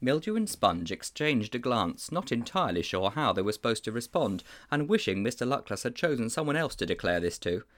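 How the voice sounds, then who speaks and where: A man reading a children's book aloud, his narration measured and expressive. His pitch moves in wide, lively arcs even through the plain narrative passages. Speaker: storybook reader.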